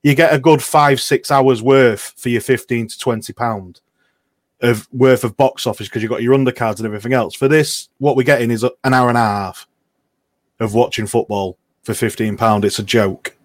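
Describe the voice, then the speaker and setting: A man's voice: medium pitch, fairly even intonation, normal speed, no room sound. Male panelist, fired-up and emphatic, mid-range voice, dry recording. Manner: indignant, emphatic. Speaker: podcast panelist. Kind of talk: casual chat.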